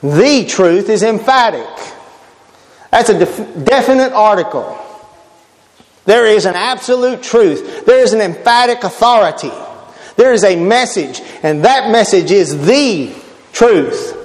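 A man's voice: sits high, expressive, unhurried, big-room sound. A man preaching a sermon, emphatic and quoting scripture, repeating key words for stress.

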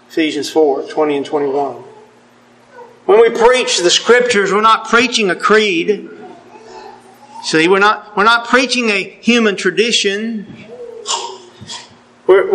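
A middle-aged man preaching a sermon, earnest and deliberate, quoting scripture with emphasis. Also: high-pitched, pushed and bright, poor audio.

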